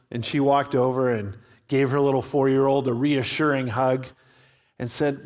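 Slow, earnest male pastor preaching. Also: mid-range voice, fairly even intonation, a little mellow. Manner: storytelling, earnest, emphatic. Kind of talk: sermon.

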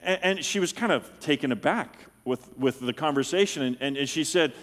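A middle-aged man preaching a sermon, teaching in an animated way and checking that listeners follow him. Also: on the high side, moderate pace, hardly any pauses, long reverb tail. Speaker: pastor.

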